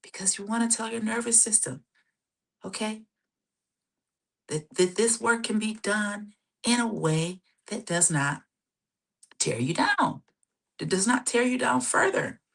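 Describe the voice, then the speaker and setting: A woman hosting a live self-help session, guiding breathing and often checking in with "okay?", sometimes dropping to a soft whisper for affirmations. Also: medium pitch, unhurried, gravelly, long pauses. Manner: casual, warm-toned coaching, keeps checking in with "okay?". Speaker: therapist and show host.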